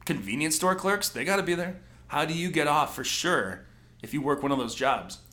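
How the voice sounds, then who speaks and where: A man's voice: fairly high pitch, lively intonation, moderate pace, pushed and bright. A man co-hosting a casual comedic chat in a jokey manner, riffing on bits. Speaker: podcast co-host.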